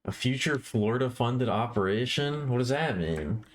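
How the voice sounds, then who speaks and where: A man's voice: mid-range voice, expressive, moderate pace. A man with a middle-range voice chats loosely with his stream viewers as he works on a drawing. He rambles, trails off and corrects himself mid-sentence. He sounds like a live streamer talking off the cuff. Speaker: livestreamer. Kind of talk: casual live-stream chatter to chat.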